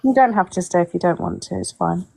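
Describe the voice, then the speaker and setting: A woman's voice: lowish voice, wildly swooping pitch, quick pace, creaky, darkish tone, husky, rough recording. A woman hosting a casual live stream, talking in a combative, sarcastic way and swearing.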